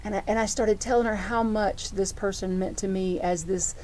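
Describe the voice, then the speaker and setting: Warm-voiced middle-aged woman pastor. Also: mid-range voice, fairly even intonation, normal speed, a little hiss or hum. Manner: heartfelt, personal storytelling with frequent restarts. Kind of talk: conversational sermon.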